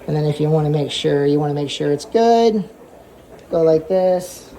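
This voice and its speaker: Man, casual hobby vlogger at home, rambling and self-amused, with a dark, gravelly voice. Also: a little high, normal speed, a little hiss or hum. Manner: rambling, repeats himself, chatty and self-amused. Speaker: aquarium hobbyist channel host. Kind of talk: casual show-and-tell vlog.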